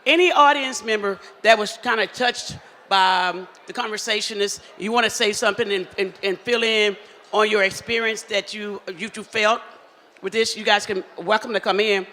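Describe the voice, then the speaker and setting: Loud teasing emcee man, high bright voice. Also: steady tone, moderate pace. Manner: loud, teasing, playful crowd-work. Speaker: event emcee. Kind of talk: joking live emcee banter. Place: large hall at a live event. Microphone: handheld mic. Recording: echoey hall with faint ambient noise.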